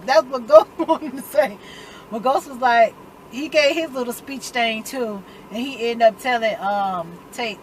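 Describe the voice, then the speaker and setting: A woman recapping a TV episode in casual chat, retelling scenes through animated quoted voices in a dialect. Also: a little high, normal speed, a little hiss or hum, low-quality recording. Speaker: TV recap vlogger.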